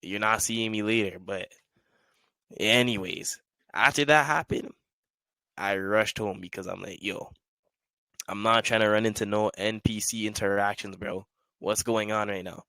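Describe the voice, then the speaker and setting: A man's voice: fairly low pitch, measured pace, pauses often, no room sound. A young man hosting a casual solo talk, rambling through street stories in slangy speech and acting out the voices of people he met. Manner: slangy, rambling, animated storyteller; acts out quoted voices in the stories. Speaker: podcast host.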